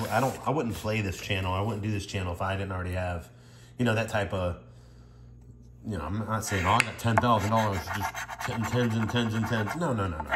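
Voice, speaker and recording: Male vlogger, lower voice, overwhelmed and tearful, excitable exclaiming, echoey room, audible noise behind. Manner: exclaiming, emotional, rambling, addressing viewers as y'all. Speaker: scratch-off ticket vlogger. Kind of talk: excited casual commentary.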